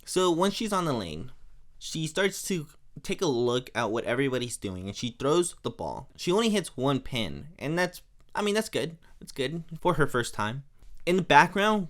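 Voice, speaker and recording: A young podcast host casually recaps an episode, chatty and laughing often, briefly acting out lines in quick voices. His voice is medium-pitched with big pitch swings.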